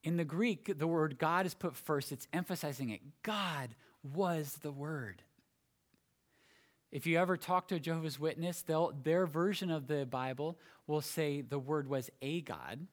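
A man preaching a sermon, explaining a passage phrase by phrase with emphatic pauses and small restarts. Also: a little high.

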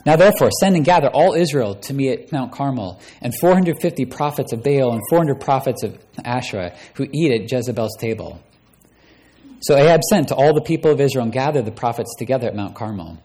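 A man's voice: mid-range voice, expressive, a little fast, warm tone. A man preaching a sermon, reading scripture aloud and raising his voice dramatically on the quoted lines. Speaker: pastor.

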